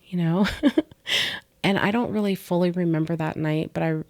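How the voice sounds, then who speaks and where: A middle-aged woman co-hosting a podcast speaks in a lowish voice at normal speed, recorded dry. She candidly tells a personal story, soft-spoken, dropping to a whisper at the painful moments.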